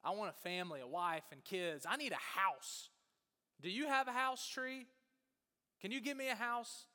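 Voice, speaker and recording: A man's voice: on the high side, a little fast, sharp tone. A man voicing a demanding boy who grows into a restless man, whiny and impatient. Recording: long church reverb.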